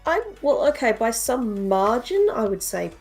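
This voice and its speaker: A woman's voice: a little high, very animated, a little slow, faint music behind. A woman co-hosting a casual livestream chat, blunt and matter-of-fact.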